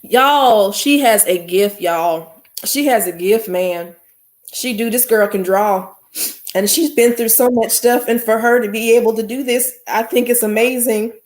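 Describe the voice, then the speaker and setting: A woman's voice: a little high, a little slow, darkish tone. A woman hosting a casual livestream, talking to her viewers in an effusive way and repeating her exclamations. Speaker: livestream host.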